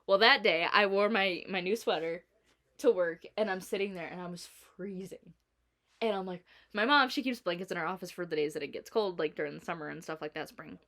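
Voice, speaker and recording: A young woman vlogging at home, chatting and telling a story with animated quoting and laughter. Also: fairly low pitch, brisk. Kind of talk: casual chat. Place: indoors at home.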